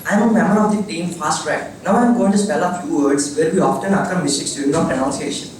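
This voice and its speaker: A young man with a slightly high voice gives a brisk classroom presentation, spelling out words before saying them. He sounds far from the mic in a very echoey room. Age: young adult. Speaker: college student. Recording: echoey room, distant mic, faint noise.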